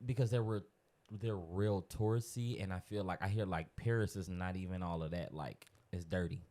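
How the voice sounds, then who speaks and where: Laid-back low-voiced man chatting. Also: normal speed, warm tone. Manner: joking, laid-back, playfully confident. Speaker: podcast co-host. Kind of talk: casual chat.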